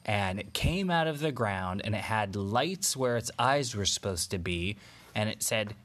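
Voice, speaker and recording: Man telling a made-up bedtime story, slow, gentle, with pauses and fillers. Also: lowish voice, expressive.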